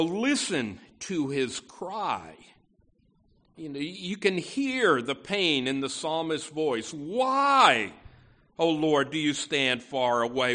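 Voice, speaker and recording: Man, pastor, earnest sermon, slightly high voice, very animated pitch, unhurried delivery. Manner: earnest, emphatic preaching with frequent restarts.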